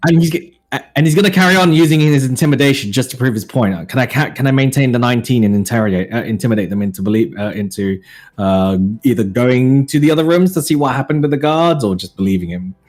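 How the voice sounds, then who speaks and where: A man playing a tabletop game, describing his character's actions with emphatic, animated delivery and casual swearing. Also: mid-range voice, fast talker. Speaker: player. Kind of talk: tabletop role-play, in and out of character.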